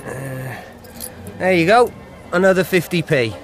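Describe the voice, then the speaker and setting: An actor playing a relaxed young father reassuring his family at a village fete in a radio drama. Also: on the high side, a little slow, soft background music, poor audio. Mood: easygoing.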